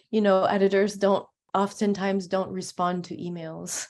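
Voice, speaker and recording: A woman's voice: medium pitch, little pitch movement, a little slow, darkish tone. A woman journalist being interviewed, talking through her answers with many fillers and restarts. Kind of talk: conversational interview talk.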